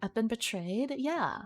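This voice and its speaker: A young woman streaming her art, chatting casually and teasing her viewers as she reads their messages. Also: a little high.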